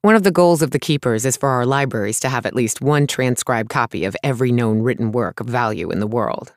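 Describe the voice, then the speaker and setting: A man's voice: medium pitch, brisk, dry recording, clean studio sound, natural voice. A male narrator voicing a small, brusque, sarcastic woman artificer who talks bluntly and impatiently. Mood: matter-of-fact.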